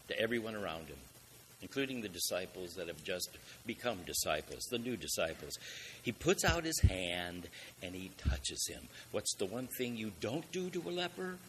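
A man's voice: lowish voice, very animated, moderate pace, a bit bright, a little hiss or hum. A man preaching a sermon, asking rhetorical questions and building up with emphatic swells in volume.

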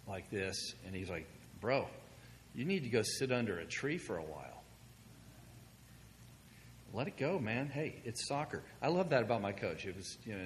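Male pastor, sermon delivery, chatty storyteller, long reverb of a big hall, faint hiss. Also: mid-range voice. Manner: conversational storytelling, animated when quoting himself.

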